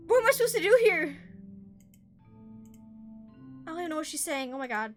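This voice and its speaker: A woman's voice: very high-pitched, very animated, rapid-fire, soft background music. A woman streaming a video game, reacting in a panicked, exclaiming way and repeating herself. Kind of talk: let's play commentary.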